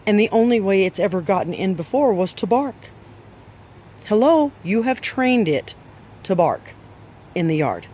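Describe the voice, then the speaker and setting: A man's voice: high-pitched, lively intonation, a little slow, pauses often, a little mellow, slight background noise. A man giving dog owners blunt training advice, emphatic and scolding, with many rhetorical questions.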